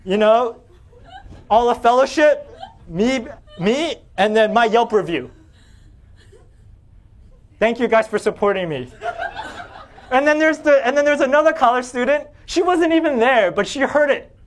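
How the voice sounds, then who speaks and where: A young adult man preaching as a pastor, telling a self-deprecating personal story with animated, rising bursts when he relives getting angry. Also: measured pace, pauses often. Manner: animated, self-deprecating, often rising in pitch and volume when retelling anger.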